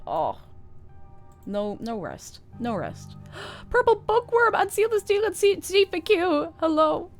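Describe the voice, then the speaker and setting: Lively young woman streamer. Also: extremely high pitch, faint music behind. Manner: expressive, laughing, quick reactions. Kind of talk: reading a visual novel aloud with reactions.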